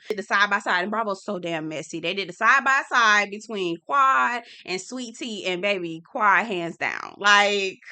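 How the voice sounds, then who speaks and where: A woman's voice: fairly high pitch, sharp tone. A woman with a Southern US accent giving a sassy, dramatic recap of a reality TV episode, talking straight to her viewers. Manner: sassy, dramatic, laughs often, talks to viewers.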